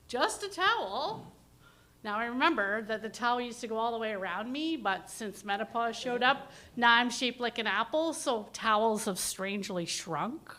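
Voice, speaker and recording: A woman's voice: a little high, a bit bright. A middle-aged woman from Canada telling a personal story at a live open mic, chatty and self-deprecating. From Ontario, Canada.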